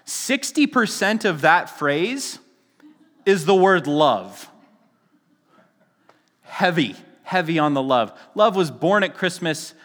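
A man's voice: fairly high pitch, fairly bright tone. A man preaching a casual sermon as a pastor, chatty and joking, often restarting his sentences and laughing at himself. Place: church sanctuary. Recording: long reverb of a church hall.

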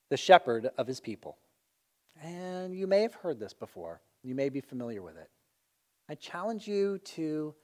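Male pastor, relaxed chatty sermon delivery with jokes, fairly high voice. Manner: conversational, animated, jokey. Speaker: preacher.

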